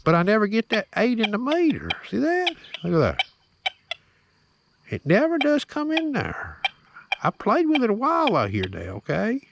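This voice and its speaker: A man's voice: high-pitched, wildly swooping pitch, moderate pace, vocal fry, noisy background. A man giving a plain-spoken, hands-on tutorial outdoors, often checking in with the viewer. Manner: plain-spoken, drawling, keeps checking in with "okay?". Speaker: metal detecting hobbyist demonstrating a detector.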